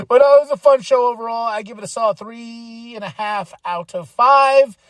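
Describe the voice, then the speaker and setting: Man, podcast host, casual rambling recap, excitable, highish voice, dry close mic. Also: normal speed, no room sound. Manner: rambling, excitable, laughs often.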